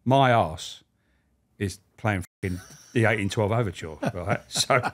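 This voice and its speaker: A man, a former prison officer, telling profane, animated stories as a podcast guest. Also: lowish voice, unhurried. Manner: animated, profane, laughing storyteller. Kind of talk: anecdotal storytelling.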